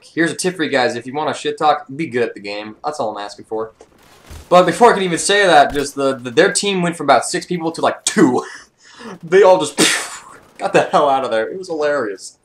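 A man's voice: mid-range voice, a bit bright. A young man, a gaming YouTuber, chatting casually over gameplay in a rambling way with many fillers.

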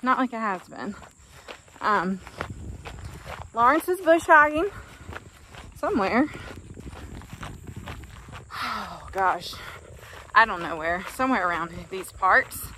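A woman's voice: medium pitch, lively intonation, slow, pauses often, sharp tone, a little hiss or hum. A middle-aged woman vlogging casually from her farm, chatty and folksy as she rambles along. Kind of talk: casual vlog chat. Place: outdoors on a farm.

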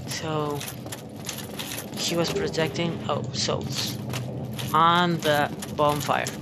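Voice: mid-range voice, flat delivery, very slow, very noisy. A gamer casually narrating a play session, reacting aloud, swearing and calling out "mate" often. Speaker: gameplay commentator. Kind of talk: casual let's-play commentary. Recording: loud game music under voice.

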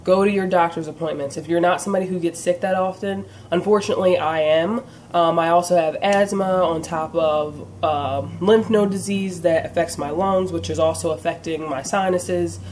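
A woman's voice: lowish voice, fairly even intonation, moderate pace, few pauses, darkish tone, slight background noise. A woman vlogging to camera in an earnest, encouraging way. Her voice sounds congested and nasal from a sinus problem, and she fills her talk with "um" and "you know". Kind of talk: casual direct-to-camera chat.

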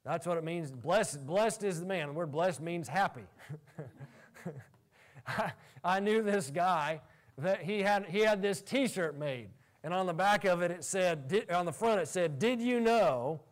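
A male pastor preaching a sermon in an animated way, laughing often as he talks. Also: high voice, measured pace.

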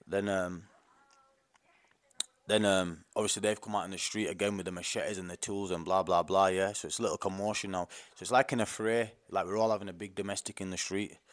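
A young adult man, talking straight to listeners in an indignant, rambling rant full of street slang and repeated words. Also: on the low side. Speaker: podcast host. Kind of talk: casual monologue.

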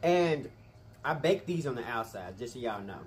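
Male mukbang host, rapid-fire chatter, lively pitch swings, faint hiss behind. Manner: rapid, animated, chatty, says he talks fast. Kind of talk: casual eating vlog chat.

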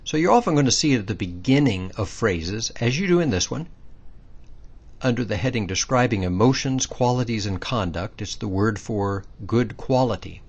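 A man with a low, slightly husky voice teaches a pronunciation lesson. He sets out each rule and its exceptions patiently and methodically, stressing the words that matter. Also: animated, normal speed, darkish tone. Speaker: language teacher. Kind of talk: explanatory lesson.

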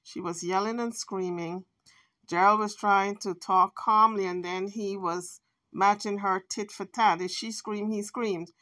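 A woman's voice: medium pitch, fairly even intonation, a little slow, fairly bright tone. A woman hosting a commentary vlog, recapping an argument in a chatty, speculating way. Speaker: commentary channel host.

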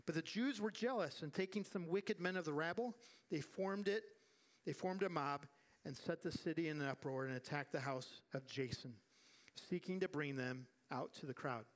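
Animated male pastor preaching a sermon. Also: a little high, normal speed. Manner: animated preaching with acted-out quotes and repeated refrains. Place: church sanctuary.

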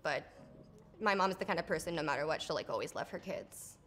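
A woman's voice: deep voice, expressive, fast, a bit bright. A woman speaking candidly in an interview, hesitant and heartfelt as she reaches out to her mother.

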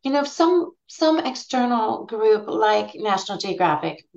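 A woman's voice: fairly high pitch, animated, measured pace, creaky, a little mellow. A woman guest in a podcast interview who tells anecdotes animatedly and acts out the voices in them. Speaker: guest ethnobotanist. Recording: dull lo-fi sound.

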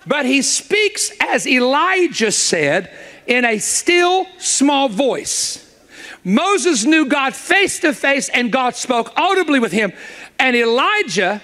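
A man preaching a sermon to a church congregation, telling stories with jokes and quick asides to his listeners. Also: extremely high pitch. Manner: animated, joking storyteller with quick asides; speaks directly to the audience.

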